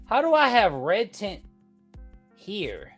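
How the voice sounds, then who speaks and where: Ranting man with a bright, swinging voice. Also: high-pitched, huge pitch swings, takes it slowly, slightly rough, faint music behind. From United States. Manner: ranting, profane, repeats himself, argues with chat. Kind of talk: heated casual rant.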